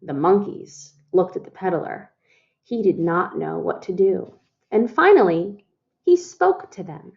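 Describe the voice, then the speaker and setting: Expressive woman reading a storybook aloud. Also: lowish voice, a little slow, vocal fry, muffled recording. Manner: expressive, talks to listeners as "friends" and asks them questions. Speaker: storytime reader. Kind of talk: reading a picture book aloud to children.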